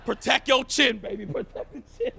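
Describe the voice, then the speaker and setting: A young man from Canada doing a stand-up comedy set on stage, animated, laughing often and shouting punchlines. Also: very high voice, moderate pace, gravelly. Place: event stage before a live audience.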